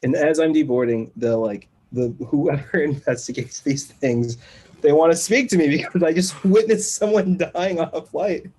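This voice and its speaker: A man guesting on a podcast, telling a long story in a casual, animated way and acting out the other people in it. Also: on the high side, normal speed, poor audio. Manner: animated storyteller who acts out quoted voices and laughs between lines.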